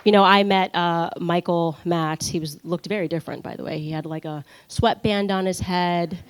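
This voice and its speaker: A woman giving a personal testimony speech at a conference, telling her story with animated energy, quick laughs and acted-out quotes. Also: fairly low pitch, clean tone. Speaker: conference speaker.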